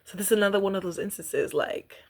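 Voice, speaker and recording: Chatty husky young woman vlogger. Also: mid-range voice, quick pace. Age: young adult. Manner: chatty, animated, laughs often, reads aloud. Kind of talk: casual reflective vlog.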